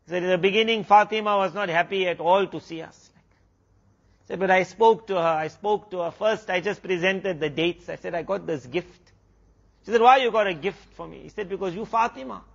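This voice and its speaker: Higher-voiced man telling a sermon story. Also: fairly quick, gravelly, fairly bright tone, dull audio. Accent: South African. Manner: retells a story with many quoted exchanges. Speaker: Islamic preacher.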